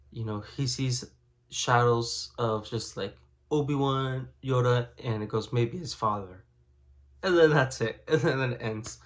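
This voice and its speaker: A man's voice: lowish voice, fairly bright tone. A man giving a casual spoken book review, rambling and filling his talk with "you know" and "like".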